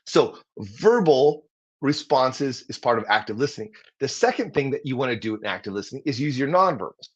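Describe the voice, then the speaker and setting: Casting: husky male speaking coach, mid pitch, energetic teacher, slightly dull lo-fi livestream audio. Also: a little fast. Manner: energetic, demonstrates tones and acts out example replies. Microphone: livestream mic.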